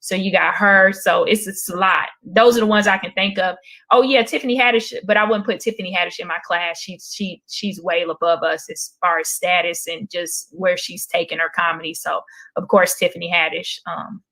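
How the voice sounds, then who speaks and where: A woman stand-up comedian telling stories in a casual, animated interview, with frequent fillers and repeats. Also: lowish voice, moderate pace. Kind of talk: casual storytelling in a talk show interview.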